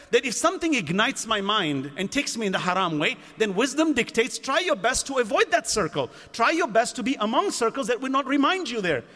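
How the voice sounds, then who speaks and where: Man preaching, rhetorical questions, lively swooping voice, reverberant hall. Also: extremely high pitch. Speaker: lecturer at a mosque gathering. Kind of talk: sermon. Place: community centre lecture hall.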